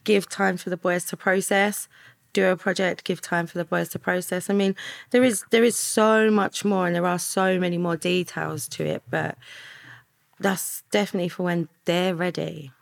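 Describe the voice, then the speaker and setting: A woman telling her story as a guest in a candid podcast interview, earnest and soft-spoken, often trailing off into quiet asides. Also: on the low side, fairly even intonation, normal speed, vocal fry.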